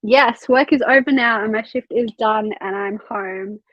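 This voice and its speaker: A woman's voice: on the high side, a little slow, no room sound, highs cut off. A young woman hosting a casual reading livestream from home, chatting loosely, swearing freely and reading out chat comments. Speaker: livestream host of a reading sprint.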